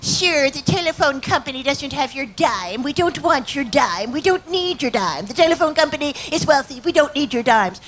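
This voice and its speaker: A woman's voice: sits high, lively intonation, normal speed, hardly any pauses, fairly bright tone, soft background music, voice pushed up. A woman doing a prim, haughty telephone operator.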